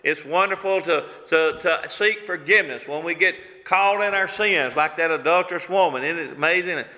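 A man in his sixties, a pastor preaching a sermon in a folksy cadence, slowing down and dropping low when he quotes scripture. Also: pushed and bright. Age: 60s. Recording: long reverb of a large room.

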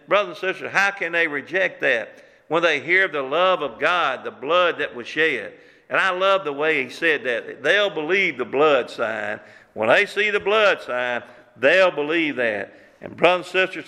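A man's voice: a little high, bright, forceful tone. A man, preaching a sermon as pastor, repeating words as he works up emphasis and lets his voice rise and fall. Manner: preaching with rising and falling emphasis, repeats words when worked up. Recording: hall reverb.

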